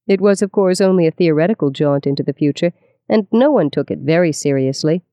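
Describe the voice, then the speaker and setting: Mellow, smooth audiobook narrator. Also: medium pitch, fairly quick, dry recording, studio quality. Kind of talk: scripted nonfiction narration.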